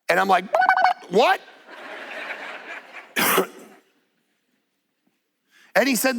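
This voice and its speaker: A man's voice: sits high, lively intonation, slow, gravelly, long pauses, fairly bright tone. A middle-aged man preaching a sermon, telling a personal story in a conversational way that builds to emphatic points. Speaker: pastor. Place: church stage.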